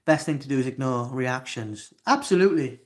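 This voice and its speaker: A man's voice: medium pitch, lively intonation, fairly quick. A Welsh man in his twenties hosting a live stream, reading chat comments aloud and swearing at trolls. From Wales. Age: 20s. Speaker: livestream host.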